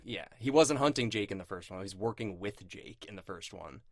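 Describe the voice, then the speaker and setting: A man co-hosting a podcast, talking casually about a film, animated and argumentative, teasing his co-host. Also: on the low side, brisk, no echo, studio quality. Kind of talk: casual movie review chat.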